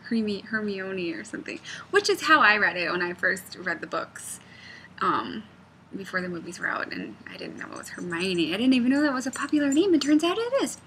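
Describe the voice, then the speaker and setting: A woman's voice: medium pitch, pushed and bright, slight background noise. A woman knitting designer chatting casually, rambling off on tangents and often dropping to a near-whisper. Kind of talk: casual vlog chat.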